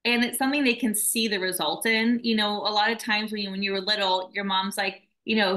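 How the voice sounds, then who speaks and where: A woman's voice: medium pitch, fairly even intonation, quick pace, few pauses, rough recording. A woman founder of a nonprofit, talking earnestly and emotionally in a casual interview. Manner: earnest, emotional, warm storytelling.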